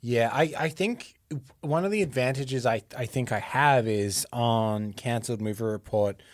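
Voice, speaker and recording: Chatty Australian man, mid-pitched voice. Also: unhurried, dry recording, studio quality. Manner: chatty, explains at length, jokey. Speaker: podcast co-host. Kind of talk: casual podcast chat.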